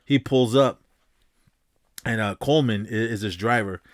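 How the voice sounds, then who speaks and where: A man's voice: lowish voice, normal speed, no echo, clean studio sound. A man casually retelling a film's plot as a podcast host, rambling with restarts and some swearing. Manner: rambling, frequent restarts and profanity. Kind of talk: casual movie recap.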